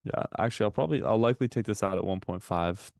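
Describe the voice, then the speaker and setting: A man with a low, gravelly voice co-hosts a live trading stream, joking and chatting straight to his viewers. His voice is recorded close on a desk mic, with a dry sound and almost no room in it. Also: rapid-fire, darkish tone, dry recording. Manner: chatty, joking, addresses chat often. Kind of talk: casual live-stream commentary.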